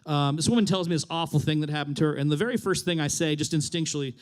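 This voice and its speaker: A young man with a high voice performs a sardonic stand-up set on a live theater stage. He rants and laughs often. His voice goes through a handheld mic. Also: quick pace. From Reno, Nevada. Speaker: comedian. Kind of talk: stand-up comedy.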